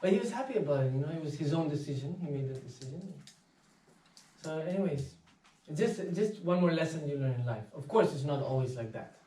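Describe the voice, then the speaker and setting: A man's voice: fairly high pitch, a little fast, recorded from a distance. Man telling a story in an echoey hall. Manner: anecdotal, animated, acts out quoted voices. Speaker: speaker. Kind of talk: inspirational talk. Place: meditation centre hall.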